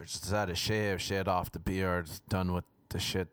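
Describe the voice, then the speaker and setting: A man's voice: low voice, flat delivery, unhurried, a bit bright, clean tone, dry recording, studio quality. A man hosting a solo podcast, rambling off the cuff in a crude, jokey way with playful put-on voices. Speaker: podcast host. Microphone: microphone into laptop.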